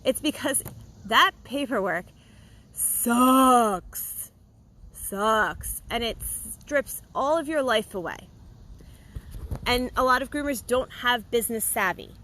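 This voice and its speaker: A woman who grooms dogs for a living, giving her blunt opinions straight to the viewer in a casual monologue, emphatic and animated. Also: fairly high pitch, measured pace, rough recording. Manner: animated, mocks complaints in a put-on voice. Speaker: dog groomer and video host.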